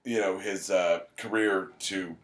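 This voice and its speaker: A man co-hosting a podcast, chatting casually, rambling and joking through quick tangents. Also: low voice, steady tone, reverberant, background noise. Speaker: podcast co-host. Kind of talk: casual chat.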